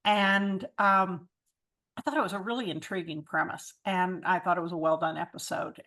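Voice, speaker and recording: A woman's voice: mid-range voice, a bit bright. A woman moderating a casual fan panel, reflecting on a favorite episode and handing turns to the other panelists.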